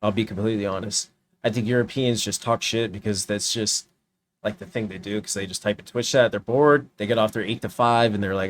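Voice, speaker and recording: A man's voice: fairly low pitch, steady tone, a little fast, a little hiss or hum. A young man streaming, giving a heated, profane reaction rant. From United States. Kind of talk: ranting reaction commentary.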